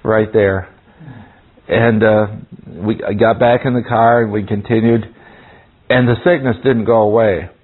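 A man's voice: on the low side, steady tone, a little slow, pauses often. A man teaching a Bible class, telling a rambling story with frequent chuckles and restarts. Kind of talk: folksy storytelling sermon. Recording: tinny phone-like sound.

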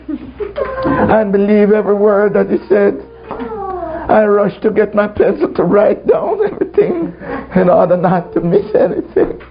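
A man preaching a testimony sermon to a congregation, telling his story and laughing often. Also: sits high. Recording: muffled recording with faint ambience.

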